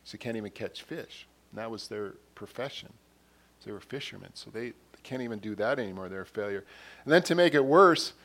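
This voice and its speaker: Conversational preacher man, mid-pitched. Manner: conversational, retells scenes in quoted dialogue; repeats and restarts words. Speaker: pastor. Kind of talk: sermon.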